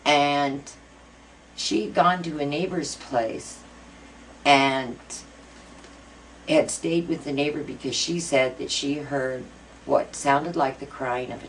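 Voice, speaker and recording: A woman's voice: extremely low pitch, a little hiss or hum. A middle-aged woman being interviewed, earnestly telling a personal ghost story with many fillers. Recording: voice a bit far from mic, faint music.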